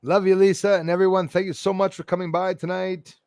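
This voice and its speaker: A man's voice: sits high, flat delivery, fairly quick, a little mellow, clear, resonant tone, no room sound, studio quality. A man chatting casually on his livestream, laughing often and reading out viewer names. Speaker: livestream host.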